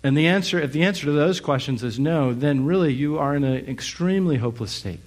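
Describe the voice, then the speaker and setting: A middle-aged man preaching a Sunday sermon in a slightly higher register. He moves through reflective, searching thoughts and leans on rhetorical questions, with the odd filler between his points. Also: fast talker. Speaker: pastor.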